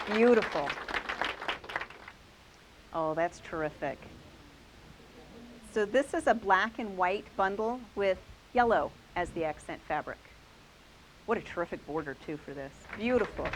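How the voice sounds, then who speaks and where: Woman quilting host, upbeat show-and-tell, mid pitch, light hiss on the recording. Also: poor audio. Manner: enthusiastic, praising each quilt. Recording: faint hiss.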